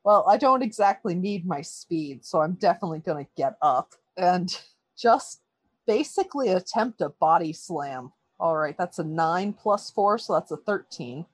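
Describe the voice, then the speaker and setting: A woman playing a tabletop role-playing game and cracking wry jokes about her character's situation. Her voice is husky and breathy, recorded close and dry. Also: fairly low pitch, expressive, moderate pace, dry recording. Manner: wry, joking. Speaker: player. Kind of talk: casual tabletop game play.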